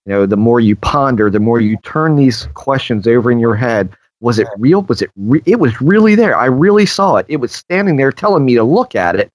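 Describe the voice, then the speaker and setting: A man in casual conversation wanders through his thoughts, stopping for fillers and sometimes slipping into quoted voices. His voice sits at an ordinary middle pitch. The recording is dry and close, with no room sound. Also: sing-song, fairly quick, hardly any pauses, dry recording, low-quality recording. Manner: rambling, filler-heavy, acts out voices in quotes. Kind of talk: conversational discussion of strange experiences.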